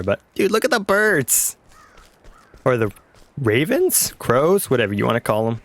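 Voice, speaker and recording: A man's voice: on the high side, very animated, unhurried, no echo. Rambling man narrating a game. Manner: rambling, chuckling, trails off mid-sentence. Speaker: let's play host. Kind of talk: casual game commentary.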